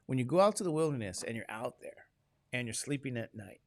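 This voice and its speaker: A man's voice: mid-range voice, lively intonation, quick pace, darkish tone, dry recording, studio quality. A man teaching a classroom lecture, chatty and digressive, asking the class questions as he goes.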